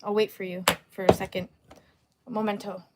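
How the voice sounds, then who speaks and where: A woman's voice: medium pitch, little pitch movement, brisk, heavy background noise. A young adult woman hosting a livestream, teasing commenters with sassy, laughing casual chat. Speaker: livestream host.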